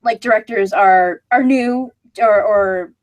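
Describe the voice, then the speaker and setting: A woman's voice: medium pitch, slow pace. A woman hosting a casual live-stream chat with her cast, talking in a loose, chatty way full of fillers. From outside America. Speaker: host and voice director.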